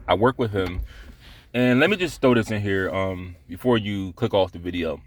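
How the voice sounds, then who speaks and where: A man's voice: sits low, animated, normal speed, a little hiss or hum. Blunt, profane man telling a work story. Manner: blunt, profane, rambling with restarts. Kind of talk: casual storytelling vlog.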